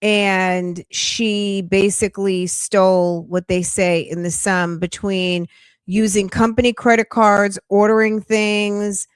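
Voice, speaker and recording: A woman's voice: mid-range voice, little pitch movement, slow, smooth, no echo, clean studio sound. A woman hosting a casual true-crime news chat, chatty and emphatic with sassy asides. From New York. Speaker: true-crime commentary host.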